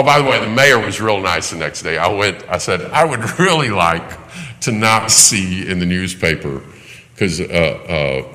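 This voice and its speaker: Animated preacher in a reverberant hall. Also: male voice, deep voice. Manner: animated storyteller, acts out voices, laughs. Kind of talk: sermon storytelling.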